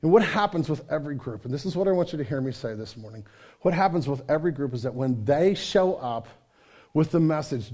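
High-voiced man preaching conversationally. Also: animated, brisk, a little mellow. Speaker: pastor. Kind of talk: sermon.

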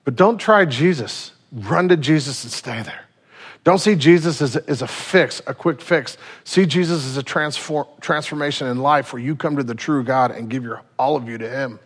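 Animated preacher with a raised pitch. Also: male voice, moderate pace. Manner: animated storytelling, acting out quotes. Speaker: pastor. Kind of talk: sermon.

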